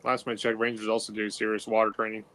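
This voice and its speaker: A man's voice: on the low side, completely flat delivery, fast talker, pushed and bright. Matter-of-fact man, faint noise. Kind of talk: casual chat.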